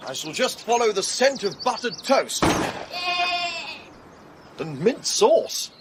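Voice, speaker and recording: An actor playing a flustered, chatty young English gentleman in a radio comedy. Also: sits high, big pitch swings, takes it slowly, heavy background noise, exaggerated voice.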